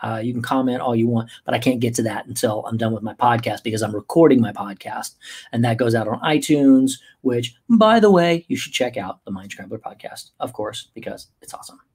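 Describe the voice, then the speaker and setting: A man's voice: mid-range voice, steady tone, a little fast, a little mellow, breathy edge. A man hosting a casual livestream as a podcast host and life coach, talking in an upbeat, playful and chatty way with many fillers.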